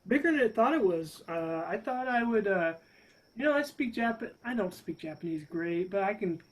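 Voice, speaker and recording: A man's voice: high voice, expressive, moderate pace, low-quality recording. A man chatting candidly as a podcast guest, swearing casually and laughing as he tells stories. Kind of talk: casual chat.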